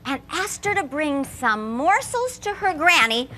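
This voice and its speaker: A woman's voice: high-pitched, big pitch swings, unhurried, bright, forceful tone. A woman telling a fairy tale to a children's audience at a live show, playful and comically muddled. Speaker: storyteller. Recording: live hall recording with noisy audience.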